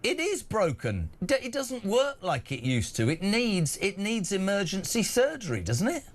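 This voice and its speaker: A man hosting a breakfast radio talk show, emphatic and indignant, with big swings in pitch. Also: sing-song, moderate pace, slight background noise.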